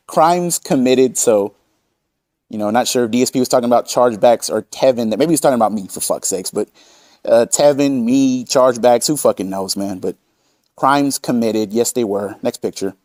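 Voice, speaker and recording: A man's voice: medium pitch, moderate pace, darkish tone, no echo, studio quality. A man hosting a commentary channel, combative and profane as he reads out and mocks chat messages. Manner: combative, swearing, reads chat quotes aloud.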